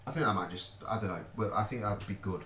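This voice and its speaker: A man's voice: on the low side, fast talker, pushed and bright. A man, chatting casually as he directs a home recording session. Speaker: stream host recording vocals. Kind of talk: casual studio chat. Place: home studio. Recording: echoey room, mic far off, noisy.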